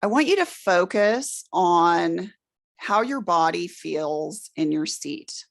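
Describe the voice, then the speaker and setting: A middle-aged woman leading a room through a guided relaxation exercise, giving slow, soothing instructions. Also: on the low side, lively intonation, vocal fry. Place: presentation room with an audience.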